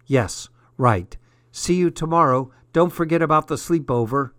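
A man's voice: on the high side, normal speed, fairly bright tone, lightly acted. A man voicing a teenage schoolgirl friend who answers briefly and matter-of-factly. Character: teenage schoolgirl, narrator's best friend, agreeable. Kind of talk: audiobook character voice.

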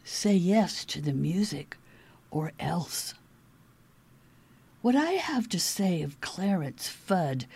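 Slow, breathy woman reading children's verse. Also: mid-range voice, dark tone. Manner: unhurried and playful, with dips into whispers.

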